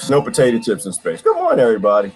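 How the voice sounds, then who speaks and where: A man's voice: mid-range voice, huge pitch swings, fast talker, a little mellow, soft background music. A male comedian hosting a casual live stream, joking with his viewers and laughing often.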